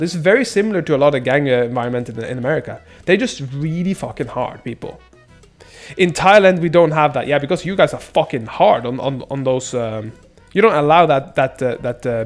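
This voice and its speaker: A man chatting casually on a stream, his voice sitting a little higher than most men's. He rambles, restarts his sentences and swears freely, with faint music running in the background. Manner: rambling, frequent fillers and restarts, blunt swearing. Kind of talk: casual chat.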